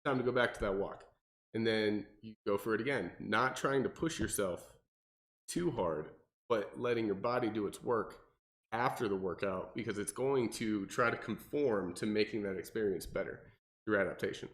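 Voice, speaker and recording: A man, a personal trainer co-hosting a podcast, talking casually and animatedly with lots of fillers and restarts. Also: moderate pace. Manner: animated, mimics people in exaggerated high voices, many fillers and restarts.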